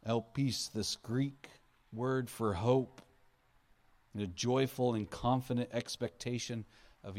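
A man's voice: medium pitch, a little mellow. A male pastor preaching an Easter sermon, earnest, his voice rising and falling for emphasis as he acts out quotes.

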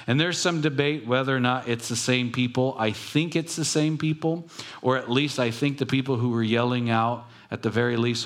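A man's voice: medium pitch, a bit bright. A man preaching a sermon in a conversational, storytelling way, acting out quoted voices and adding self-correcting asides. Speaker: pastor.

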